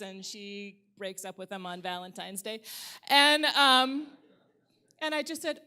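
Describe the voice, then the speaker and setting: A middle-aged woman from the Upper Midwest tells a personal story at a live storytelling event, wry and candid and swearing freely. Her mid-range voice is pushed, bright, and smooth, with lively intonation and an unhurried pace.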